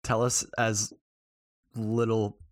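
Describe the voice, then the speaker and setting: A man with a low voice runs the chat with jokes and questions. His voice sounds dry and close. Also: level tone, takes it slowly, no echo. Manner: joking, leads the questions. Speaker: podcast co-host. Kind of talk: casual chat.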